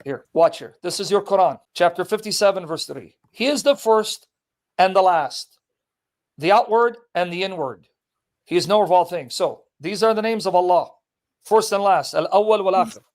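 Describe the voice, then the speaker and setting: A man with a notably high-pitched voice argues his point with relentless insistence. He reads scripture verses aloud with heavy emphasis, then turns them back on the other person as pointed challenges. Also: expressive, moderate pace. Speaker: Christian apologist debating a Muslim. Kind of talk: street debate, reading scripture aloud.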